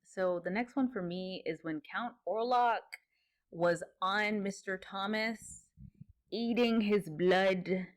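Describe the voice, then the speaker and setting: A woman's voice: mid-range voice, takes it slowly. A woman co-hosting a podcast, chatting casually about a movie, laughing often and mimicking characters as she retells scenes. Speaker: podcast co-host. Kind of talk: casual movie review chat.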